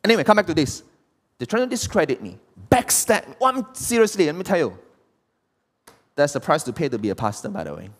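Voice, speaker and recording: Animated pastor preaching. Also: male voice, a little high, brisk. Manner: animated, tosses rhetorical questions at the congregation. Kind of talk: preaching a sermon. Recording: long hall reverb.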